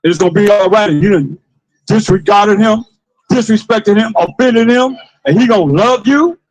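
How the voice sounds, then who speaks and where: A man street preaching to passers-by, with forceful call-and-response, repeated phrases and bursts of shouting. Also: high voice, moderate pace, poor audio. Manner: forceful call-and-response, commands a reader to read.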